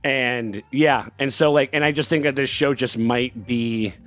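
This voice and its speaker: A man's voice: mid-range voice, a little slow, fairly bright tone, no room sound, faint music behind. Rambling man with a dry close voice. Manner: rambling, loose and full of fillers and restarts; swears freely. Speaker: co-host reacting to a TV episode. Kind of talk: casual reaction chat.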